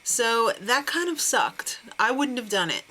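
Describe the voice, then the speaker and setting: A woman's voice: fairly high pitch, very animated, a little slow, sharp tone, slight background noise. A woman hosting a casual TV recap, sarcastic and laughing often. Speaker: TV recap host.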